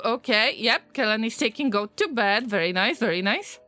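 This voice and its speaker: A woman streaming a game, chatting casually with viewers, easily distracted and prone to sudden excited alarm. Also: on the high side, normal speed, dry recording. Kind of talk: casual live-stream gameplay commentary.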